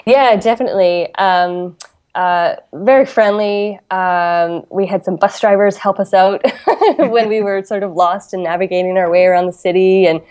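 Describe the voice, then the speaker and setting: A woman's voice: medium pitch, steady tone, moderate pace, a little mellow, clear, resonant tone. A Canadian woman chatting as an interview guest, laughing often and full of fillers and restarts. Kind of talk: casual interview chat.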